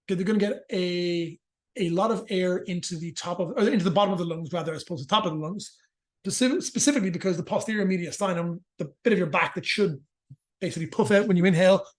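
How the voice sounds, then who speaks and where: A man explaining breathing physiology in a casual interview, fast and joking, with frequent swearing. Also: high-pitched. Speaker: movement and rehabilitation practitioner, guest.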